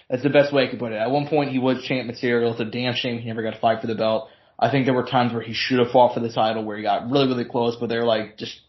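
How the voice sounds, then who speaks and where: A man's voice: mid-range voice, highs cut off. A man co-hosting a casual sports podcast in a laid-back manner, swearing freely. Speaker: podcast co-host.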